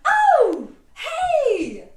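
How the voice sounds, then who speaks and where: A woman's voice: extremely high pitch, huge pitch swings, very slow, voice pushed up, exaggerated voice. A woman voicing a troupe of goofy cheerleaders who cheer every mishap, shrieking and whooping. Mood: giddy. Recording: roomy, distant mic.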